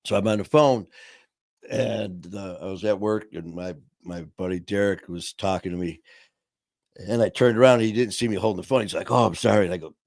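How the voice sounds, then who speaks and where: A man's voice: sits low, fairly quick, a little mellow, dry recording, clean studio sound. A middle-aged man hosting a podcast, telling stories in casual chat and laughing often. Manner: storytelling, laughs often, acts out voices in anecdotes. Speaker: podcast host.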